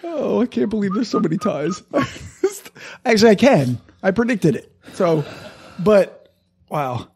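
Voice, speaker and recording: A man co-hosting a casual whiskey chat, jokey and teasing with quick quips. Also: high voice, huge pitch swings, darkish tone, husky. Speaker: co-host.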